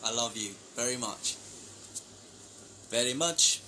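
A man's voice: medium pitch, slow, pushed and bright, slight background noise. A young man chatting casually on a live stream, reading out fan names and thanking them for gifts. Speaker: band member live-streaming to fans.

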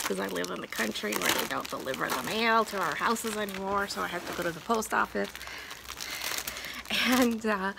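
A woman's voice: medium pitch, creaky. A woman talking at home in a chatty, gushing way, with many fillers, as she shows crafting supplies in a casual vlog. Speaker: craft vlogger. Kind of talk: casual show-and-tell chat. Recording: background noise of crinkling packaging.

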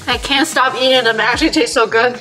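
An enthusiastic young woman talks casually through a grocery haul and cooking session in her kitchen. Her voice sits a little high, and she stacks up words for emphasis. Background music plays clearly under her talk. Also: quick pace. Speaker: vlogger. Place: home kitchen. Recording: music playing behind.

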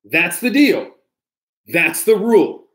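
A man's voice: high voice, very animated, slow pace, fairly bright tone. Playful man reading aloud to kids. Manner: playful, talks directly to kids, mock-outraged squeals. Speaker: pastor reading a children's story. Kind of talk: animated storybook read-aloud on a livestream.

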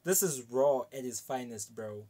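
A man hosting a reaction video, talking casually with excited exclamations and repeated praise. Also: medium pitch, moderate pace.

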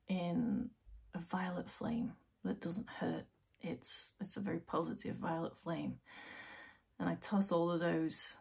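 A woman giving a direct-to-camera tarot reading, coaxing the viewer with rhetorical questions and slowing into guided breathing. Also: on the low side, vocal fry, dark tone, breathy edge. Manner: soothing, slows into guided breathing. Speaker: tarot reader.

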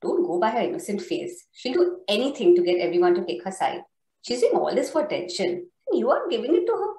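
A woman's voice: very animated, quick pace, dark tone. A woman voicing a scornful, mocking middle-aged mother-in-law in a book reading. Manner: shrill, mocking, contemptuous. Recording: roomy echo.

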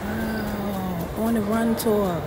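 A woman's voice: medium pitch, drawn-out words, heavy background noise. A woman filming a casual vlog as she walks through a museum exhibit, talking to herself in amazed, emotional asides. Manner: excited, emotional, talks under her breath to herself. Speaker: vlogger touring an exhibit. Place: indoor museum exhibit among crowds.

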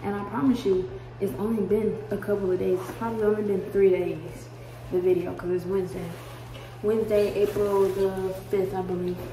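A woman's voice: medium pitch, little pitch movement, normal speed, dark tone. A woman in her twenties, an x-ray student, chatting casually to her viewers in a vlog, calling them "y'all.". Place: out and about, car, shops, home.

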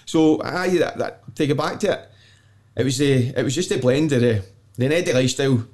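His mid-range voice is a little fast and a little mellow, carrying a Glaswegian accent. As a podcast guest, he tells stories bluntly and at his own expense, swearing freely and laughing a lot in a casual storytelling chat.

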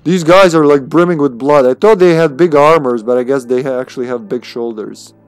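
This streamer has a clean, medium-pitched voice and a brisk delivery, with faint music playing behind him. His commentary on the video game is casual and playful, and he frequently laughs at his own expense.

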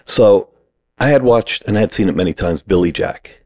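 A man telling a lively anecdote in a casual podcast chat, acting out the people he quotes. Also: on the low side, normal speed. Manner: animated anecdote teller who acts out quotes. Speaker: podcast guest. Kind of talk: casual storytelling.

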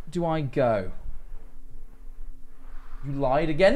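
Young British male streamer, mid-pitched, animated intonation, casual wry banter. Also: normal speed. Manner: chatty, wry, jokingly defensive. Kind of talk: casual live-stream gaming commentary.

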